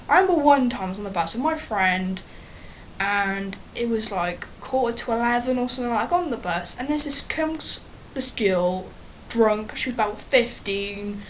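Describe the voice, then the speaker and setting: A woman's voice: a little high, slight background noise. A woman ranting in a casual vlog, telling rambling, sarcastic, sweary stories. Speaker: vlogger.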